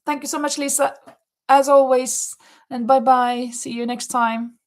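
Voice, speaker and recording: A woman's voice: high voice, steady tone, unhurried. A woman hosting a live crochet and knitting stream, chatting to viewers, singing along to an old song and muttering to herself as she counts rounds. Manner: sings along to an oldies song. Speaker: livestream host. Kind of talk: casual chat while crocheting.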